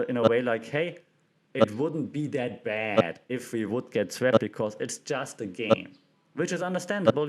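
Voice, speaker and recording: A man hosting a casual commentary monologue, animated and chatty, with lots of filler words and restarts. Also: medium pitch. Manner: acts out quotes in playful voices. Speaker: podcast host; media professional.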